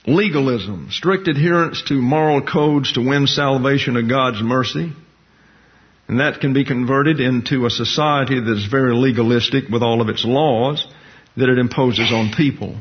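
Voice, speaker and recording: A man's voice: mid-range voice, moderate pace. A man preaching a sermon to his congregation in a church. He teaches in a folksy way, with jokey asides. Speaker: pastor-teacher. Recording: dull lo-fi sermon recording.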